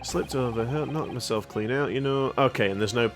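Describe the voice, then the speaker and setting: A man's voice: mid-range voice, a little fast, over music. A man chatting jokily during a video game playthrough with friends, laughing often. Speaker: let's play host. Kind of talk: casual game playthrough chat.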